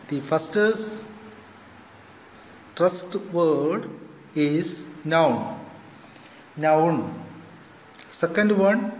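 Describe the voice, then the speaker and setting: A man with an Indian English accent teaching a school English lesson. He explains slowly and deliberately, spelling words out letter by letter and repeating definitions. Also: on the high side. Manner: repeats definitions, often pauses with okay. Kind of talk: recorded online class lesson. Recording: echoey room with long reverb, faint background hum.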